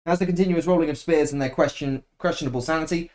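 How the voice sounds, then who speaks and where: A man's voice: a little high, big pitch swings, fast talker. A man streaming a video game, rambling in a sarcastic, playfully profane way. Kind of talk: casual rambling stream commentary. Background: background game music.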